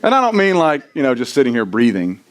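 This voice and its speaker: Lively, animated man preaching a sermon. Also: mid-range voice, quick pace. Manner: animated, self-deprecating, punctuates with "right?". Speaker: pastor. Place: church sanctuary.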